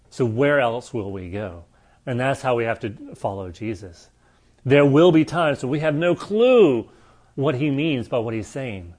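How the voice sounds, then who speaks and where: A man preaching a conversational sermon, earnest, moving between lively storytelling and quiet reflection. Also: mid-range voice.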